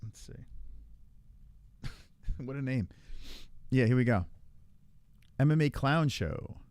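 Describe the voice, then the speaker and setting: A man's voice: medium pitch, animated, takes it slowly, darkish tone, no room sound. A man hosting a podcast, chatting casually and profanely while reacting to online streams, often laughing. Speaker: podcast host.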